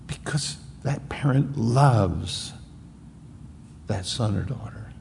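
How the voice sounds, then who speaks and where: A man's voice: on the low side, takes it slowly, gravelly, a little mellow, in a large hall, slight background noise. A man preaching a sermon as a pastor, with emphatic repetition.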